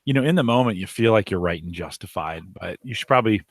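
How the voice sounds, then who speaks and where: A man's voice: lowish voice, lively intonation, fast, no room sound, studio quality. A man co-hosting a podcast, talking casually and rambling, often restarting his sentences. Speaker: podcast co-host.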